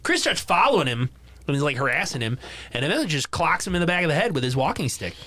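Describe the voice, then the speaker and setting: A man's voice: fairly high pitch, fast talker. A man co-hosting a podcast, casually retelling a movie plot and acting out the characters' lines. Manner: animated retelling that acts out quotes. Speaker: podcast co-host.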